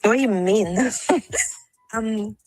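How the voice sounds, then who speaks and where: Slow-talking woman caller, dry sound. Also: mid-range voice, a little mellow, no echo, soft background music. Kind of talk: call-in on a live stream.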